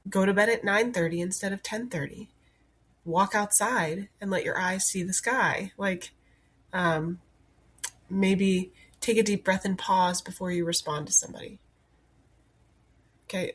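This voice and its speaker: A woman in her thirties hosting a faith-based self-help podcast, speaking in a gentle, earnest coaching manner with many rhetorical questions. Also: medium pitch, breathy edge. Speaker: podcast host and wellness coach.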